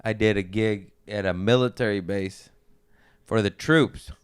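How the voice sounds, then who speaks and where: A man's voice: on the low side, fairly even intonation, unhurried, clear, resonant tone, no echo, studio quality. A man, a comedian guest on a podcast, telling rambling, profane stories in casual chat.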